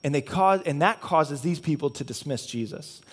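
A man with a notably high voice delivers a sermon as a pastor. He preaches earnestly, stacking one reason on another in repeated chains. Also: lively intonation, normal speed, slightly rough. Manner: earnest, repetitive preaching with building cause-and-effect chains.

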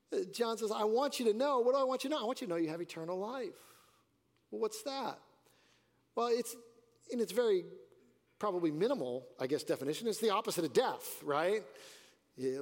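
A man preaching a sermon as pastor, earnest, with rising and falling emphasis. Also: a little high. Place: church sanctuary. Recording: church hall reverb.

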